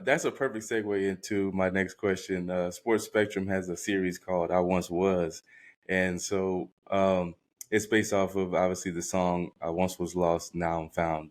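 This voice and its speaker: A male interviewer with a very deep, low voice, affable and easily amused. He sets up his questions in a relaxed conversational way. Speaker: podcast host, interviewer.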